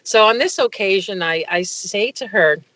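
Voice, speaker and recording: A woman's voice: mid-range voice, expressive, moderate pace, fairly bright tone. A middle-aged woman, a guest in an interview, telling a personal story with many fillers and restarts. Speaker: guest, medical consultant.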